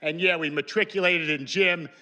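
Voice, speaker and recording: Emotional man in his sixties, bright tense voice. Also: on the high side, steady tone, normal speed. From New Rochelle, New York. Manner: emotional, combative speech. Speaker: public commenter. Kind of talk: public comment at a hearing.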